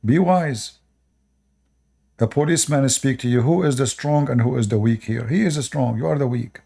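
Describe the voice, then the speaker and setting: A man's voice: medium pitch, normal speed, vocal fry, mellow, breathy edge. A man hosting an online channel, lecturing viewers in non-native English, repeating short commands and asking rhetorical questions. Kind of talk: preachy advice monologue to viewers.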